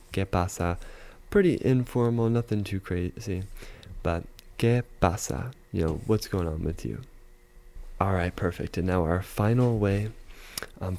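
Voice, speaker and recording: In a relaxed, warm, deep voice, a man teaches a language through a casual video. He moves step by step, drops in easy fillers such as "you know," and says sample phrases slowly, repeating them.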